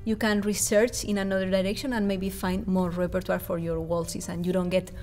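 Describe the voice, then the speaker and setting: A woman's voice: lowish voice, level tone, a little fast, darkish tone. A woman from Spain with a Spanish accent, explaining and counting rhythms as a ballet class pianist in a music tutorial.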